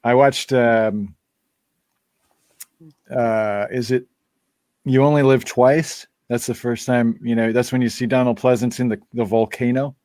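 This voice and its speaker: A man's voice: mid-range voice, steady tone, unhurried, pauses often, darkish tone, no room sound. A man hosting a live-stream Q&A in casual chat, rambling through asides and laughing often. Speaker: band member hosting a live Q&A.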